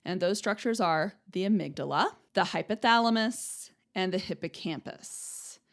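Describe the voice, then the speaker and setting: Young woman host teaching brain stuff, chatty, lots of "right?" and "okay?", mid-pitched voice. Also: expressive, moderate pace. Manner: chatty, explains with analogies, checks in with "right?" and "okay?". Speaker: podcast host, speech-language pathologist. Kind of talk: casual educational podcast lecture.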